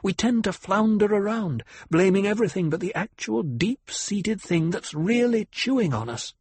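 Man doing a cold noblewoman, higher voice, lecturing, measured, very breathy, storybook reading. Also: no room sound, exaggerated voice. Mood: cold, probing. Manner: measured, lecturing, icily calm. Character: cool, cutting noblewoman, a duke's consort. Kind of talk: audiobook character voice.

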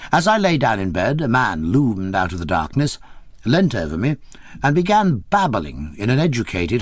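A man reading a memoir aloud as an audiobook narrator, measured and expressive. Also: fairly low pitch, dry recording, clean studio sound.

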